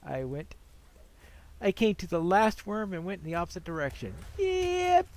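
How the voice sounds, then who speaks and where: A man's voice: a little high, expressive, normal speed. Rambling, self-mocking man narrating gameplay. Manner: rambling, self-deprecating musing. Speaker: gameplay commentator. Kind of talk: casual let's-play commentary.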